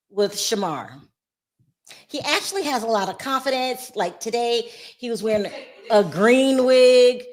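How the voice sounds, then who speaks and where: A woman hosting a casual gossip chat, animated and laughing often as she talks straight to her viewers. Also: on the high side. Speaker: show host.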